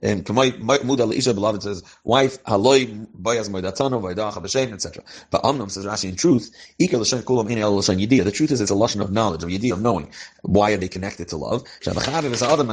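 A man's voice: fairly low pitch, quick pace, husky. A man teaching a religious text line by line, each phrase with a pronunciation and then translating and explaining it. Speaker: Torah teacher. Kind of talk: line-by-line text study, mixing Hebrew and English.

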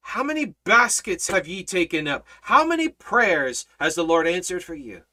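With a mid-range, sing-song voice at normal speed, this Bible study teacher keeps things casual yet emphatic. Quiet asides give way to booming rhetorical questions, and key phrases get said again and again.

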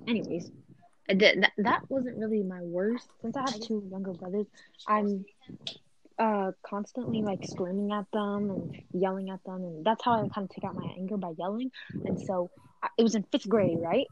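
A woman's voice: mid-range voice, steady tone, normal speed, lo-fi sound. A woman telling a story in casual podcast chat, hesitant, with frequent restarts. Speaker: podcast co-host. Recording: noisy with clicks.

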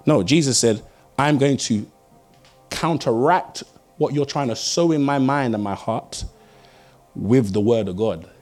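A young man delivers a sermon with lively storytelling. His voice swings from loud bursts to quiet, hushed lines as he drives his points home. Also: mid-range voice, measured pace, pauses often, soft background music. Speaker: pastor.

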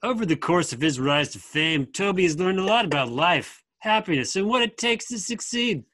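A man's voice: high voice, expressive, moderate pace, fairly bright tone, no room sound, clean studio sound, pitched above the performer's own voice. A man voicing a laid-back young male surfer dude, reading aloud in an upbeat, sing-song drawl. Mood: breezy.

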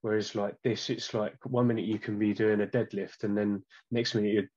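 Flat-voiced man, hesitant casual chat. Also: on the low side, a little fast, muffled recording. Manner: hesitant, many "um"s and restarts. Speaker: guest.

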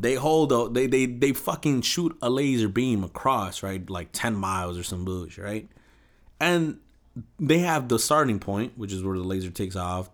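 A young man casually retelling a film in a rant, swearing often, using slang and mimicking the people in it. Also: mid-range voice.

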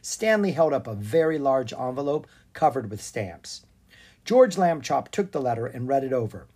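Animated children's-book narrator, breathy and very lively in pitch. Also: normal speed. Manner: animated, expressive reading. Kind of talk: storybook read-aloud.

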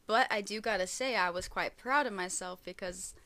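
A woman's voice: mid-range voice, moderate pace, sharp tone. A woman in her thirties hosting a podcast. She talks in a chatty, giggly way and leans on "literally" and "like" a lot. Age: 30s. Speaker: podcast host telling a true crime story. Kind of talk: casual chat. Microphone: shared single mic.

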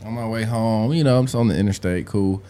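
A young man with a Southern US country accent, telling a story as a podcast guest in a casual, profane, animated way. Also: lowish voice, quick pace. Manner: profane, animated storyteller who rises into shouting in quotes.

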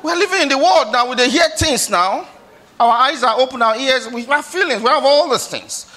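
A man with a Nigerian accent preaching a sermon as a pastor, moving between soft pleading questions and loud exhortation. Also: very high-pitched, lively intonation, normal speed.

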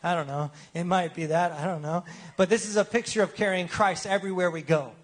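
A man's voice: sits high, a little fast. A man preaching a sermon as pastor in a casual, joking way, often asking the congregation for replies.

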